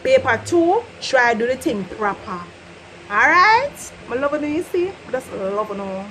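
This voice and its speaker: A woman's voice: sits high, sing-song, a little slow, pushed and bright, slight background noise, poor audio. A Jamaican woman with a casual, playful way of talking, teaching patois in a vlog and often laughing. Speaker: vlogger.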